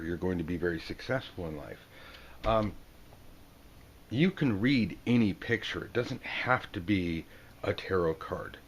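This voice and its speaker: A man with a fairly low voice runs a casual video lesson on reading tarot cards. He is playful and jokey, breaking into silly voices for the people on the cards. Faint room ambience sits under his voice. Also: a little hiss or hum. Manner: playful, jokey, acts out card characters in quick silly voices. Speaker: tarot teacher.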